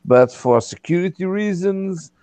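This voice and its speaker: A man from Portugal, hosting a casual chat and speaking haltingly, often repeating words. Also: high voice, lively intonation, warm tone, no echo.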